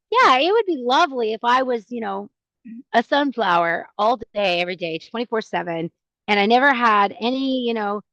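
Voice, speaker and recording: A woman, a podcast host, talking casually in a chatty, animated way with many fillers and restarts. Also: high-pitched, no echo. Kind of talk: casual monologue. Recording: dull lo-fi sound.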